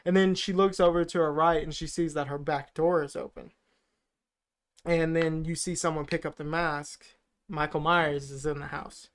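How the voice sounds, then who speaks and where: A man's voice: on the high side, steady tone, moderate pace. A man co-hosting a podcast, loosely retelling a film plot with lots of fillers. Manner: rambling, filler-heavy retelling. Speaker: podcast co-host. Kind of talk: casual movie recap.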